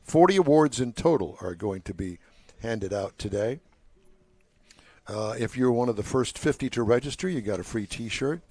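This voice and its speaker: A man's voice: mid-range voice, animated, moderate pace, a little mellow, no room sound. A man in his sixties hosting a casual live show at an outdoor car show, joking and rambling between announcements. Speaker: show host.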